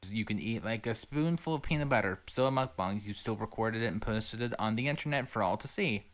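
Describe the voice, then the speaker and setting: A man co-commenting on a clip, making measured, hedged remarks. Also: on the low side. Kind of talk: reaction commentary.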